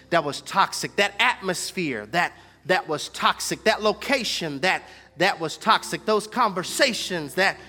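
A man's voice: a little high, pushed and bright, long reverb tail. A man preaching a sermon as pastor, driving his points home with repetition and call-and-response.

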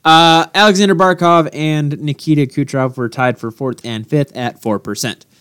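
A man co-hosting a casual sports podcast, rambling and repeating himself when excited. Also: fairly high pitch, normal speed, clear, resonant tone, no echo, studio quality. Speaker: podcast co-host.

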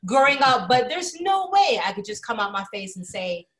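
Woman telling funny stories, high-ish voice jumping all over, really animated. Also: moderate pace. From Philadelphia. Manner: expressive, acts out voices, laughs often. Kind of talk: casual storytelling chat.

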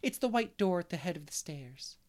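A man reading aloud, voicing a lively middle-aged unmarried woman who loves make-believe and gushes over her guests. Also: high voice, fairly quick. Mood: eager, fussy. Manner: gushing, fond of make-believe. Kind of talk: storybook character reading.

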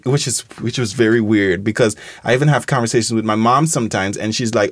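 Low-voiced man from Trinidad, musing. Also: quick pace, few pauses, no echo. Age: young adult. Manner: thoughtful, restarts phrases, many "like" fillers. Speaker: alumnus guest. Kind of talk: reflective roundtable conversation.

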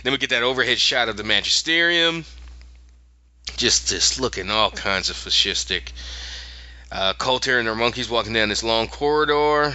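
Animated man with a sharp, bright voice. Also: lowish voice, no echo, lo-fi sound. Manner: animated, laughing, many restarts. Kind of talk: casual chat recapping a TV episode.

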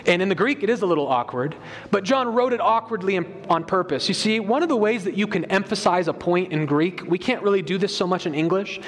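A man preaching a sermon, explaining a Bible passage emphatically and reading scripture aloud to his congregation. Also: high-pitched. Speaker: pastor. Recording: long hall reverb.

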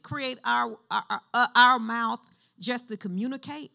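Woman pastor, sermon, call-and-response, bright forceful voice, fairly high. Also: measured pace, creaky. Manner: lively call-and-response with the congregation; conversational, shifts between preaching and chatty asides.

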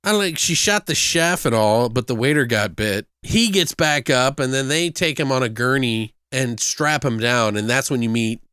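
A man's voice: mid-range voice, lively intonation, moderate pace, hardly any pauses, sharp tone, clean tone, no echo, studio quality. A man in casual conversation, rambling and swearing freely as he retells film scenes, laughing often. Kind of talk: casual chat.

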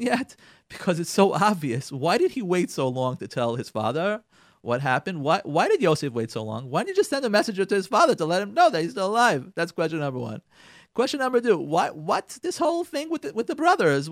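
A man giving a radio Torah talk, retelling a biblical story with dramatic emphasis and calling his listeners "ladies and gentlemen". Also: high-pitched, no room sound, studio quality. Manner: repeats and restarts phrases for emphasis.

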